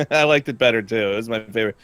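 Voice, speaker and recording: A man with a mid-range voice talks at a quick pace while gaming, casually telling a story full of laughter and free swearing in an animated way. He is a gamer and co-streamer, and the recording has no echo.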